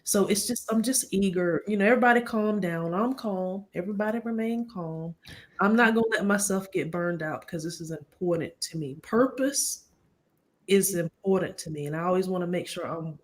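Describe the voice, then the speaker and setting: A woman's voice: fairly low pitch, normal speed, darkish tone. Live-stream host, woman in her forties, upbeat and earnest, casual video-call chat. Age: 40s. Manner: earnest, upbeat, talks in bursts and restarts.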